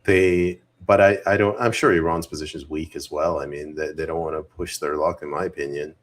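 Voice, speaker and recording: A man co-hosting a podcast, giving measured, wry opinions on politics in casual conversation. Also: rumbling low, steady tone. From Canada. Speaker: podcast co-host.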